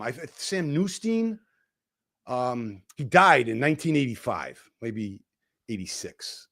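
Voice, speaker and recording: Man, 50s, podcast guest; animated storyteller, slightly high, very lively pitch. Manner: animated storytelling, voice rising and dropping sharply. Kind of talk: casual podcast conversation.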